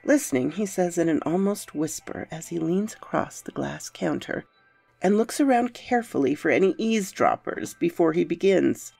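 A woman's voice: lowish voice, expressive, moderate pace, vocal fry, a little mellow, faint music behind. A woman narrating a horror story in a dramatic, brooding first-person style.

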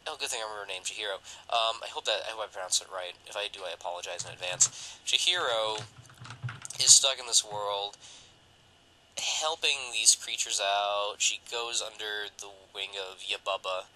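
A man's voice: fairly low pitch, normal speed, low-quality recording. A man co-hosting a casual film podcast, recapping a movie plot with jokes and frequent giggles. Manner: joking, giggly, animated recapping. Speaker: podcast co-host.

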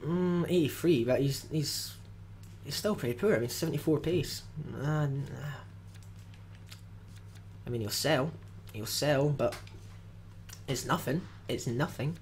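A man's voice: medium pitch, a little slow, pauses often, darkish tone, slight background noise. A young man giving casual, grumbling commentary with dry jokes as he opens card packs in a game video. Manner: dry, grumbling, jokey asides. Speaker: gaming video host.

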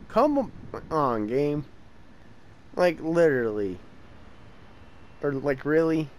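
Tired, frustrated young gaming host. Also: male voice, fairly high pitch, very animated, takes it slowly, pauses often, a little hiss or hum, low-quality recording. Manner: frustrated, impatient, talks to the game. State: tired and yawning. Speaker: gameplay channel host. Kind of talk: casual let's-play commentary.

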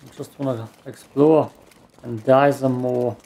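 A man's voice: medium pitch, fairly even intonation, a little slow, mellow. A man with a German accent, a native German speaker, giving rambling, self-mocking let's play commentary and cursing at the game. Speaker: gamer.

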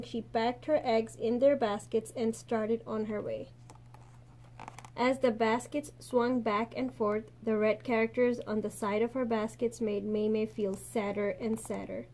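A woman teacher reads a picture book aloud with lots of expression. Her voice is high and clear, and she slows and softens for quiet endings.

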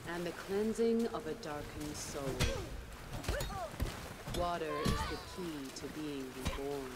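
A grave mystic in a video game, speaking with slow measured weight. The delivery is unhurried and solemn. A loud wash of noise sits under the voice. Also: medium pitch, animated. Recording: heavy noise over game audio.

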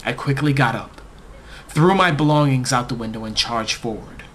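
A man narrating a comic first-person story in a deadpan, overblown storyteller manner. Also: medium pitch, normal speed, a little hiss or hum.

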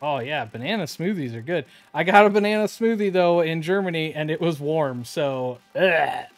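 A man's voice: a little high, expressive, normal speed, no echo, faint music behind. A man streaming live, opening card packs and chatting casually with his viewers. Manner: chatty, reads card names aloud, talks to chat.

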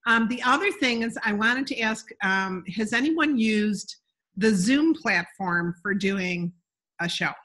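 A woman's voice: medium pitch, sharp tone. A woman hosting a casual video call chat, talking with a lot of ums and restarts. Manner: chatty, hesitant with many ums. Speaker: meeting host.

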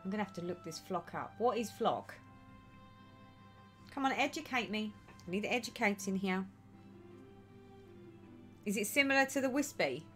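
A woman's voice: mid-range voice, lively intonation, moderate pace, pauses often, fairly bright tone, faint music behind. A woman hosting a casual stitching livestream, chatting and reading viewers' comments aloud with a lot of giggling. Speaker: livestream host.

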